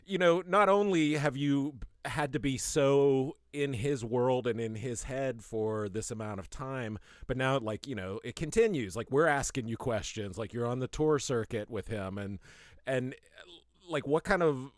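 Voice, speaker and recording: A man's voice: mid-range voice, a little slow, no room sound, studio quality. A man co-hosting a podcast, asking long, hesitant questions full of fillers. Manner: rambling, hesitant questions with many "like"s. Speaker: podcast co-host. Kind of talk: conversational interview.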